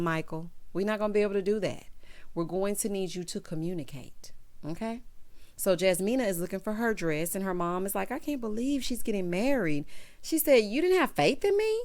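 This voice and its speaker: A woman giving a sassy, casual recap of a reality show, often calling people "child" and "honey.". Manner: sassy, animated, laughs loudly, says "child" and "honey"; acts out cast members in high voices.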